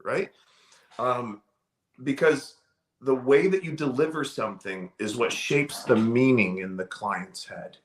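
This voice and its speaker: A man's voice: mid-range voice, measured pace. A middle-aged man, a sales trainer, talking casually in an interview with an emphatic, storytelling delivery.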